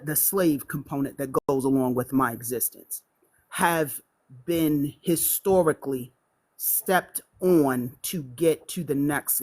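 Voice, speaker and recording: A man joining a live stream as a guest, speaking in a measured, formal way with many fillers. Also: mid-range voice.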